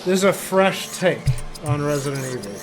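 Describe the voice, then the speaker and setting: A man's voice: on the high side, animated, normal speed, over music. A man streaming and chatting casually, rambling and interrupting himself while he talks. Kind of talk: casual chat while gaming.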